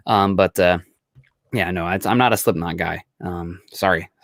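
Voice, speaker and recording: A man's voice: low-pitched, normal speed, vocal fry, no echo, clean studio sound. A young man from Iowa hosting a podcast, chatting casually with lots of fillers. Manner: relaxed, filler-heavy rambling. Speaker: podcast host. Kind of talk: casual chat.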